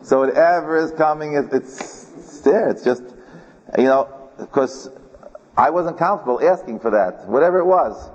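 A man's voice: on the high side, moderate pace, a little mellow. Rabbi, man, chatty Torah-class storyteller, repeats himself, recorded muffled in a long-echo hall. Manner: chatty, repeats words, chuckles often. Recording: dull recording in a reverberant hall.

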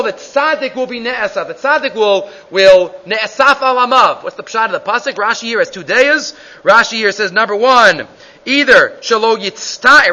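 A Talmud teacher gives a Gemara shiur, chanting the Hebrew and Aramaic text in a sing-song and then translating and explaining it in English, restarting often. His voice is high, pushed, and bright. The recording is dull and lo-fi.

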